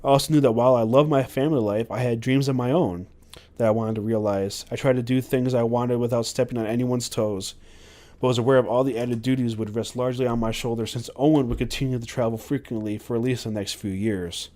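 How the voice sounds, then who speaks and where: A man's voice: mid-range voice, steady tone, fairly quick, mellow. A man hosting a podcast, reading a memoir aloud with frequent stumbles and self-corrections. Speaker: podcast host.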